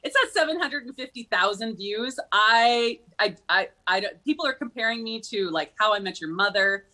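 A woman's voice: medium pitch, expressive, moderate pace, bright, forceful tone. A woman from Minnesota with a Midwestern accent, a talk show guest telling stories in a chatty, giggly way. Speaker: guest, social media creator.

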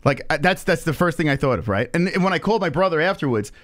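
Young NY guy, host, rowdy storyteller, pitched a bit high. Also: quick pace, no echo, studio quality. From New York. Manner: animated, profane, acts out quoted voices. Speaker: podcast host. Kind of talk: casual storytelling on a live stream.

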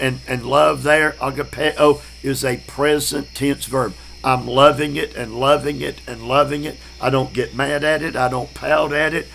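A man, preaching a Bible study class in a slow, emphatic way, repeating key words. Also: on the high side, level tone, gravelly, a bit bright, slight background noise, rough recording. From Southern United States.

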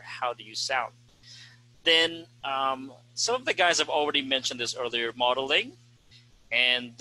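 Bright-voiced man explaining teaching tips. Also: mid-range voice, low-quality recording. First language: Tagalog. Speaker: host and ESL teacher. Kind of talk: casual panel discussion.

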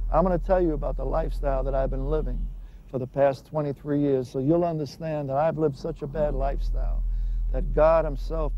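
A man giving an earnest, emphatic personal testimony. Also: on the high side. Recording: dull lo-fi recording with faint hiss.

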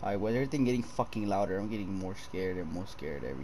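A man's voice: lowish voice, animated, fast, hardly any pauses, mellow, a little hiss or hum. A young man commenting on a horror game for viewers, swearing a lot, jumpy, and addressing them as boys. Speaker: gaming streamer.

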